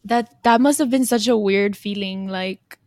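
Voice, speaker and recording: A woman's voice: medium pitch, measured pace, darkish tone. A woman hosting a podcast in casual chat, reacting with sympathy and laughing often. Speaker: podcast host.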